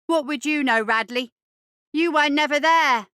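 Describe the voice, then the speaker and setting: A woman's voice: sits high, pushed and bright, dry recording, studio quality, voice pushed up. A woman voicing a bigger street urchin boy, hot-tempered and bashful, insisting in slangy speech. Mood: indignant. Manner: stubborn, indignant, slow insistent slang.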